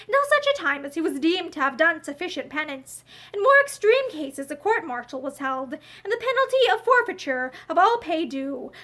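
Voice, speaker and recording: A woman reads an old memoir aloud from a book, her voice very high and lively. She sometimes trips over words and starts them again. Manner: slips and restarts words. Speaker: reader. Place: indoors, seated.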